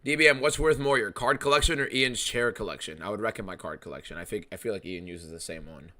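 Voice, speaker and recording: A man hosting a live fight watchalong stream, talking in an excitable, profane and rambling way. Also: lowish voice, quick pace. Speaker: streamer host.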